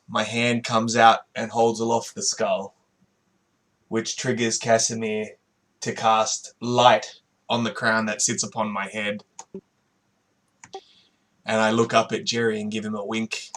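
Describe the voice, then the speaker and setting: A man playing a tabletop game with friends, relaxed and casually swearing as he describes his character's actions. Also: fairly low pitch. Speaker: player. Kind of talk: tabletop game play over voice chat.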